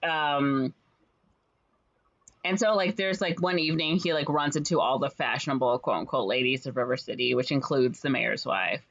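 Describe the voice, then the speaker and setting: A woman's voice: very deep voice, normal speed, a bit bright, lo-fi sound. A woman retelling a story in casual chat, lots of fillers, slipping into playful voices for each character. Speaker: podcast co-host retelling a musical.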